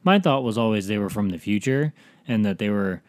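A man's voice: fairly low pitch, expressive, fairly quick, darkish tone, no echo. A man co-hosting a casual TV review chat, rambling and acting out characters' lines in quotes. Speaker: podcast co-host reviewing a TV episode.

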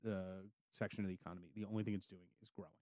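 A man with a low, mellow, warm voice chats about politics in a lively, jokey way, his pitch leaping on emphatic lines. The recording is dry and close, with no room sound. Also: racing, no room sound. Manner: animated and jokey, rising in pitch on emphatic points. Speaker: podcast co-host, campaign worker. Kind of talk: casual political chat.

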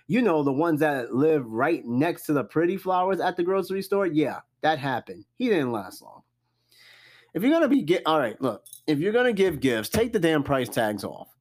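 A man hosting a casual solo podcast, reading out a list and reacting with loud, profane, joking comments. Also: on the high side, normal speed. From New York. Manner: animated, cussing, jokey reactions to a list. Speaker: podcast host.

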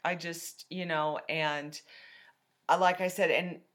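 A woman's voice: lowish voice, fairly even intonation, takes it slowly, fairly bright tone. A woman co-hosting a true-crime podcast in casual chat, giving blunt and emphatic opinions. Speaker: podcast co-host.

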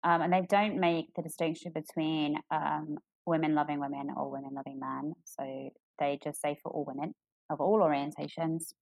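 A woman co-hosting a casual chat, candid and animated, with lots of fillers and restarts. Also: normal speed, no echo, rough recording. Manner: candid and animated, jumps into high voices for quotes. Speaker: podcast co-host.

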